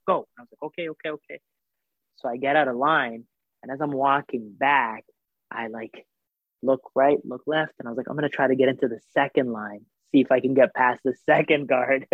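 A man telling a story in casual chat, animated, acting out the voices of the people in it, with lots of fillers. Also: mid-range voice, no room sound. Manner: animated, acts out quoted voices, filler-heavy. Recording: tinny phone-like sound.

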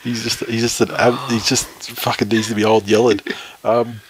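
A man's voice: mid-range voice, little pitch movement, normal speed, poor audio. A man with an Australian accent co-hosting a casual podcast, reading listener tweets with lots of swearing, laughter and rambling restarts. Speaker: podcast co-host.

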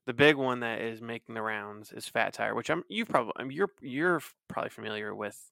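He's a podcast co-host in his thirties, chatting casually and wandering off with many fillers and restarts. The medium-pitched voice runs fairly quick, with vocal fry and a sharp tone. The studio-quality recording has no echo.

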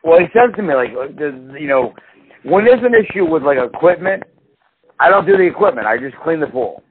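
A man's voice: a little high, brisk. Guy rambling through a story, swears constantly, does little voices for people, sounds tinny like a phone, faint hiss. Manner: animated storyteller, swears a lot, acts out quotes. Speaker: podcast co-host. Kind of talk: casual profane chat.

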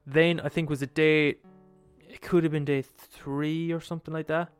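A man's voice: on the high side, flat delivery, moderate pace, smooth, soft background music. A young man retelling a story in a casual, profane way, acting out quotes as he goes. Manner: profane, swears freely, acts out quotes.

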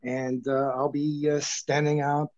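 A man's voice: fairly high pitch, level tone, measured pace, darkish tone, no room sound, highs cut off. A middle-aged man talking as an author guest in a casual interview, blunt and sardonic, often mocking himself.

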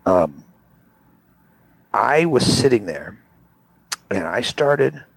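Gravelly animated man telling a story. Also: very slow, no echo, poor audio. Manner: animated, acts out quotes with big jumps in pitch. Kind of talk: casual storytelling chat. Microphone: remote call audio.

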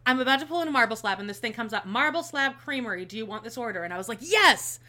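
A woman telling a story in casual chat, animated and swearing freely, acting out everyone she quotes. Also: a little high, rapid-fire.

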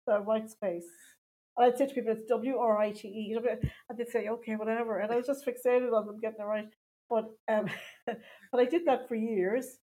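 A middle-aged Irish woman, a stand-up comedian chatting in an interview, self-mocking and quick to laugh. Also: fairly high pitch, steady tone, dark tone, rough recording. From Ireland. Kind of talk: casual interview chat.

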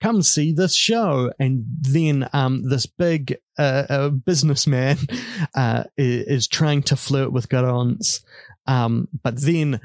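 A man's voice: medium pitch, steady tone, takes it slowly, darkish tone, dry recording, studio quality. A man co-hosting a casual chat show, talking loosely with fillers and frequent laughs. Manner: chatty, laughs often, hesitant fillers. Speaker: podcast co-host.

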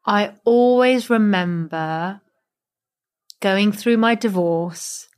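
A woman comedian, a bit tipsy, giving a reflective and heartfelt recorded message with warm laughs. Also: medium pitch.

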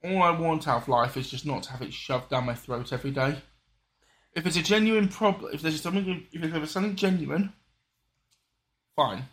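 A man with a fairly high-pitched voice talks in a loose, rambling way. He restarts his sentences often and slips in quick apologies as he goes. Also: a bit bright. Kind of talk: casual political chat.

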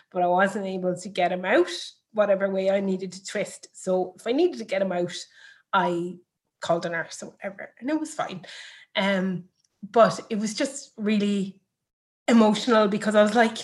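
A woman in her thirties talks through a personal experience in a conversational interview. Her delivery is candid and reflective. She often pauses on fillers and restarts her sentences. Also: mid-range voice, steady tone. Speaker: interview guest.

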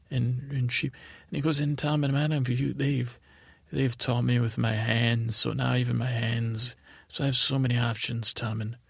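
Male comic improviser, gravelly and flat, playing a naive childlike narrator who rambles and restarts constantly. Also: medium pitch, dry recording, clean studio sound. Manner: rambling, halting, full of restarts; naive, childlike storyteller persona. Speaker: comedy podcast host. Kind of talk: improvised in-character comedy storytelling.

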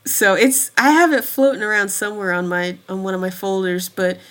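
A woman in her thirties with a bright, forward voice, talking in a loose, chatty way. She breaks into laughter often as she tells her stories, like a guest on a relaxed podcast. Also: mid-range voice, fairly quick. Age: 30s. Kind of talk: casual chat.

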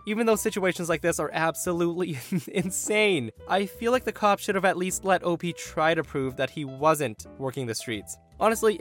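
A man hosting a podcast, reading revenge stories aloud with sarcastic, animated delivery. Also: fairly high pitch. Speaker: podcast host.

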